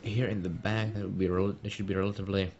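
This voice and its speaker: A man giving measured, explanatory play-by-play on a strategy game match. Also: low-pitched, level tone, crowd noise. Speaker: game caster. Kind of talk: casual esports commentary. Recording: lo-fi stream audio with faint noise.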